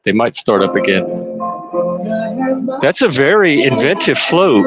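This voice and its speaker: A man, casually commenting on a parade live for listeners, excitable and chatty. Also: medium pitch, a little slow, dull audio, loud music behind the voice. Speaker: live stream panelist. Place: outdoors at a street parade.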